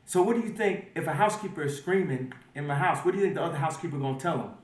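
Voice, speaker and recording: A man being interviewed, talking emphatically and swinging between quiet and loud. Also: on the high side, very fast. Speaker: interview guest. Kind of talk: animated interview talk. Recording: roomy audio from far off.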